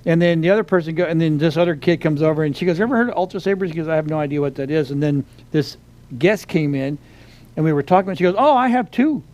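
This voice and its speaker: A man's voice: fairly high pitch, very fast, a little mellow. A middle-aged man co-hosting a casual chat show, telling a long story with many restarts and fillers. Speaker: podcast co-host.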